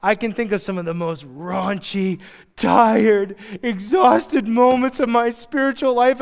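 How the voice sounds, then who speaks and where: A man's voice: high-pitched, measured pace, gravelly, big-room sound. A male pastor preaching a sermon in a casual, joking manner, full of slangy asides. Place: church.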